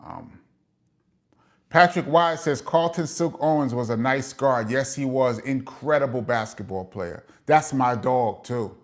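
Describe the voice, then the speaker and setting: A middle-aged man with a New York accent hosts a casual live chat, reading viewer comments aloud and giving long-winded shout-outs. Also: mid-range voice, measured pace. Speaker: host of a live chat show.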